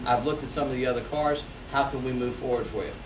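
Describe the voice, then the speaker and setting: Energetic man giving a sales seminar. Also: medium pitch, fast, a little hiss or hum. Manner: energetic, role-plays customer calls. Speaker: sales trainer. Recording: echoey room, mic from a distance.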